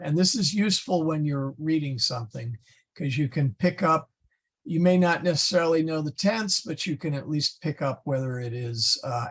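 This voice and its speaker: A man teaching a Latin class, slowly going through verb forms and correcting his own slips. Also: mid-range voice, a bit bright, slightly rough. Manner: slow, patient, stumbles and self-corrects; spells out Latin forms one by one. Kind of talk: classroom lesson.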